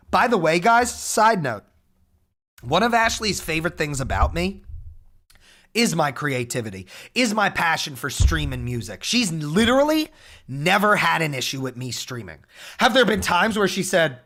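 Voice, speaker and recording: A young man streaming, telling a story in a casual, profane, animated way. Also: high-pitched, measured pace. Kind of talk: casual chat.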